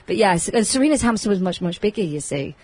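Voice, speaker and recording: A woman's voice: mid-range voice, animated, quick pace, darkish tone, slightly rough, no echo. A woman hosting a casual radio chat, chatty and teasing, in a radio studio. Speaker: radio host.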